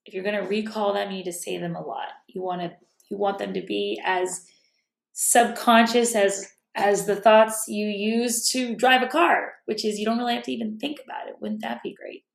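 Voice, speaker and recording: A woman talks through her ideas in a relaxed, reflective way, often pausing to rephrase herself. Her mid-pitched voice carries a gravelly fry. The recording is roomy and echoey, as if made at home. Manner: thoughtful, self-correcting, drops to a whisper at times. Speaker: self-help speaker. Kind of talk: casual reflective talk. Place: room at home.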